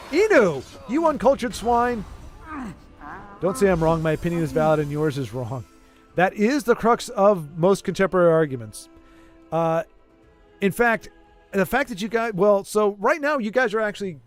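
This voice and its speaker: Rambling streamer, fairly high voice. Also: male voice. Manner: rambling, playfully argumentative, many restarts. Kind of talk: casual chat with a livestream audience.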